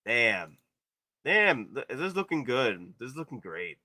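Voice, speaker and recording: A man hosting a live stream, commenting excitedly on collectible figures and gushing with repeated exclamations. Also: medium pitch, measured pace, no room sound, clean studio sound. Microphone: streaming setup.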